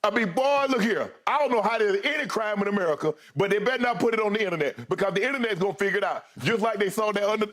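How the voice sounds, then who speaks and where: A slightly bright, high male voice comes from a co-host on a sports debate show. His animated debate talk is emphatic and repetitive, and he frequently calls out his partner's name.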